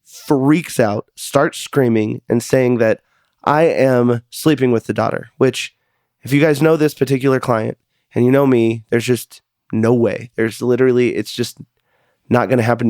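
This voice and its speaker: A man's voice: mid-range voice, steady tone, moderate pace, a little mellow, no room sound, clean studio sound. A man hosting a podcast, telling a personal story in an earnest, confessional way and sometimes repeating words as he goes. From United States. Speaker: podcast host.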